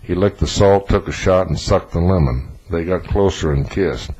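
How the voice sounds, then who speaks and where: A man reading a novel aloud as narrator in a flat, even delivery. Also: sits low, normal speed, husky, dull audio. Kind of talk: audiobook narration.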